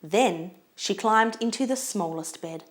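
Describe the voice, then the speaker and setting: A woman reading a children's storybook aloud in an expressive, lilting way. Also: mid-range voice, a little slow.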